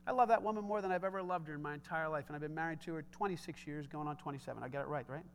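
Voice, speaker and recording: A middle-aged man preaching a sermon in an emphatic, conversational way that rises at times into shouts. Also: on the high side, racing, creaky, background noise. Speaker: pastor.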